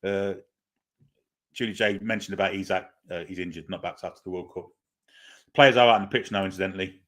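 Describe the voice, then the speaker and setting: Chatty low-voiced male stream host. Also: steady tone, a little fast, fairly bright tone. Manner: chatty, hesitant with many "uh"s, reads viewer comments aloud and answers them. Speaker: host of a football fan watchalong stream. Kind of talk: casual live-stream chat and pre-match commentary.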